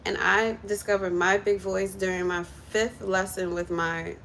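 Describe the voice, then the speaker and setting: A woman chatting casually on a livestream from her kitchen while cooking, coaching viewers step by step through a quick singing lesson in an encouraging way. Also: mid-range voice, fairly even intonation, creaky, a bit bright, slight background noise. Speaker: content creator and vocal coach.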